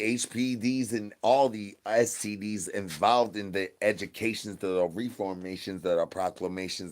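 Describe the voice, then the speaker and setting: Male streamer, lowish voice, improvised raunchy rant, chant-like repetition, volume jumps. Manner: rambling, repetitive chanting, swings from mumbles to loud bursts. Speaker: comedy streamer. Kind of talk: crude improvised comedy rant.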